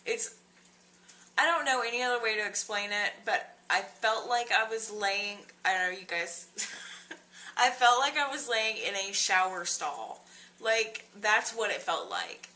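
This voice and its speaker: Slow-talking young woman, bright voice. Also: mid-range voice, animated. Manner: halting, many fillers and restarts; confiding, emotional storytelling. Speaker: vlogger. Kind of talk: personal video diary.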